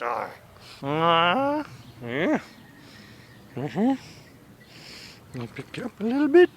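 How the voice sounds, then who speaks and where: A man's voice: sits high, huge pitch swings, slow pace, long pauses, a little hiss or hum. Man cooing sing-song baby talk to dogs. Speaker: dog owner filming his dogs. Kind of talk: casual talk to pets on camera.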